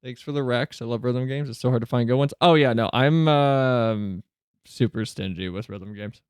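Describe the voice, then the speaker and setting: A chatty man talking casually on a live stream at a mid-range pitch, into a close, dry desk mic. He answers chat with quick asides, and his voice jumps up when he gets flustered. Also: clean tone, no room sound.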